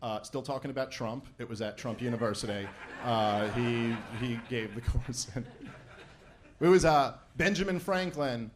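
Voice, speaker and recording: A man doing a live stand-up warm-up on a stage mic, loose and conversational with quick wisecracking asides. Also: medium pitch, a little hiss or hum. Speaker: stand-up comedian warming up a debate crowd. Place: event stage before a live audience.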